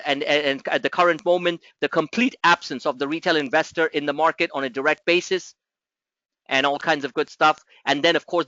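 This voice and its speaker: A man coaching a trading group, explaining markets in an animated, rambling way with many restarts. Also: fairly high pitch, dry recording, muffled recording.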